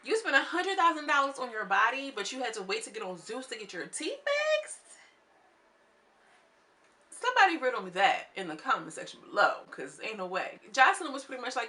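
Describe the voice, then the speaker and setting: A young woman talks through a reality show episode in a loose, chatty way, full of sass. Her voice is bright and forward and sits a little high. She keeps slipping into quick impressions of the people she quotes. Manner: animated and sassy, acts out quotes of cast members. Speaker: reality TV recap vlogger. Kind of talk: casual chat, episode recap.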